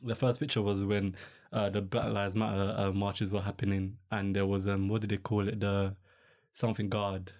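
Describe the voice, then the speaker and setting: In a lowish, slightly mellow voice with little pitch movement and normal speed, a young podcast host chats casually. He meanders along, relaxed, his talk full of slang and fillers.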